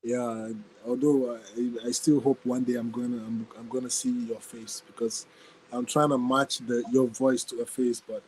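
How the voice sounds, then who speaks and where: A man's voice: medium pitch, steady tone, a little mellow, rough recording. A man hosting a podcast in casual chat, effusive and full of thanks, reading out and praising listener ideas. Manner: effusive, thanks people often, quick to laugh. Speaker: podcast host.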